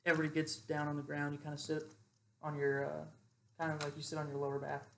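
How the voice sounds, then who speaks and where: Young male cadet teaching drill calls; somewhat high, gravelly, easygoing delivery. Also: monotone, fast talker. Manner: demonstrates loud drill cadence calls between casual explanation. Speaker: ROTC cadet instructor. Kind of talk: informal instructional explanation.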